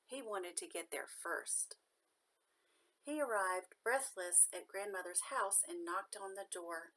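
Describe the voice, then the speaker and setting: Woman storyteller, gentle, expressive children's read-aloud. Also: lowish voice, slow pace, poor audio. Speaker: storyteller nanny.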